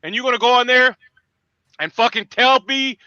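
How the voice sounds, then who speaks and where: A man hosting a morning livestream, swearing through angry, shouting tirades. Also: very high-pitched, normal speed, smooth, no room sound, muffled recording. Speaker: host. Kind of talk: profane morning livestream rant.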